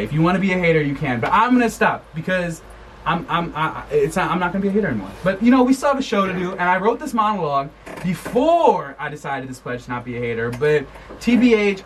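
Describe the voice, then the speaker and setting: A man's voice: on the high side, big pitch swings, fast talker, a bit bright, a little hiss or hum. A young man hosting a student podcast, chatting in a playful, rambling and jokey way. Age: young adult. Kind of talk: casual chat.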